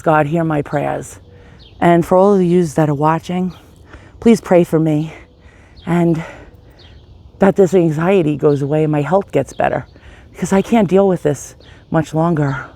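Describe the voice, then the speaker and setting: Walking down a residential street outdoors, a vlogger records a shaky confessional on a phone, panicky, short of breath, coughing and pleading. The voice is mid-range with a darkish tone.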